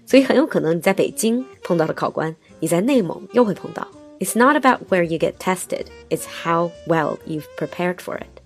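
A woman with a somewhat low voice hosts and recaps points for her listeners, with faint music playing softly behind her. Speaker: host. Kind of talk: bilingual radio talk.

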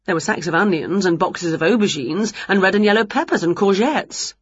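A woman reading a picture book aloud at home with clear, expressive delivery. Her voice is husky and rises and falls a lot. The recording is dry and close, with a dull lo-fi sound. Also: medium pitch, brisk, no echo. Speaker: storybook reader.

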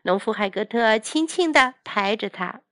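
A woman who teaches English, reading a children's story aloud in two languages in a gentle, careful way. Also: on the high side, animated, moderate pace, dry recording, studio quality.

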